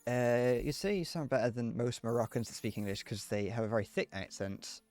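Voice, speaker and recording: A man's voice: medium pitch, a little fast. Fields: Sex: man. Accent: Northern Irish. Role: livestreamer. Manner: rambling, laughing. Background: faint game music. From Northern Ireland. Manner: rambling, animated, laughs at own jokes. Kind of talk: casual chat to viewers while gaming.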